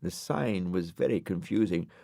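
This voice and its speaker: A man narrating a children's storybook in a lively, expressive way. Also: low-pitched, unhurried, no echo, studio quality. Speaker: audiobook narrator.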